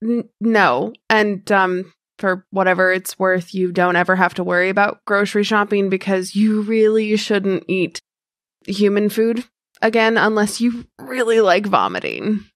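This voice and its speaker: A woman playing a tabletop role-playing game, unhurried and sardonic. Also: mid-range voice, dry recording, studio quality. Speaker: player. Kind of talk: tabletop role-play, in and out of character.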